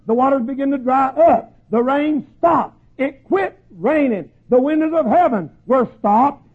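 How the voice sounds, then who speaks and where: A man preaching a sermon in a folksy storytelling way, acting out voices and shouting at the peaks. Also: very high-pitched, husky. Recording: tinny phone-like lo-fi recording.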